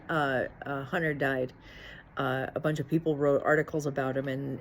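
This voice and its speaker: A woman's voice: extremely low pitch, slight background noise. A middle-aged woman talking in a casual, rambling monologue, frank and chatty with some swearing. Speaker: channel host.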